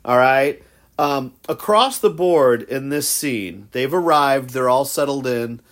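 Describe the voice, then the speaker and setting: Man, podcast host, casual recap chat, sarcastic, gossipy, mid pitch. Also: animated, slow pace, fairly bright tone. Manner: sarcastic, gossipy, dry put-downs.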